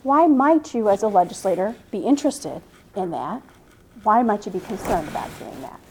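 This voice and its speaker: Woman in her fifties, law professor, classroom lecture, mid-pitched, questioning, restarts mid-sentence. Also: sing-song, normal speed, darkish tone, slight background noise, poor audio.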